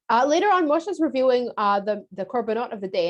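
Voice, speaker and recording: A woman's voice: a little high, expressive, fast talker, few pauses. Chatty woman teaching a kids' lesson. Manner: chatty, explanatory, frequent "uh" fillers.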